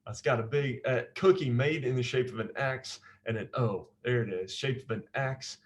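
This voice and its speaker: A naval officer teaches a memory technique in a medium-pitched, moderately paced male voice. His manner is informal and conversational, with frequent repeated phrases and check-ins like "right?".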